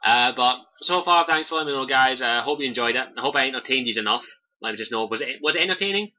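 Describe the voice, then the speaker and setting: Young Scottish guy hosting a home livestream, sharp bright tone, loose and sweary, cheap mic. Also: medium pitch, expressive, fast talker, poor audio. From Scotland. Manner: rambling, swears freely, many fillers. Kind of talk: casual livestream chat. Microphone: cheap desk mic by keyboard.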